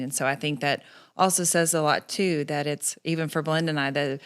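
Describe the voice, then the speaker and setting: Calm woman with a smooth, steady voice. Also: deep voice, brisk. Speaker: podcast co-host. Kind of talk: casual faith and family chat.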